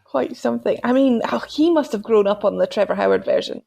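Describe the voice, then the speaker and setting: A woman's voice: fairly high pitch, a little fast, creaky, warm tone. A woman co-hosting a film podcast, making wry remarks and laughing often. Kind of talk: casual film discussion.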